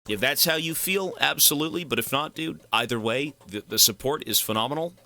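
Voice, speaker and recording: A male live streamer chatting casually and thanking donors, excitable and effusive, swearing freely. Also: on the high side, a little fast, few pauses.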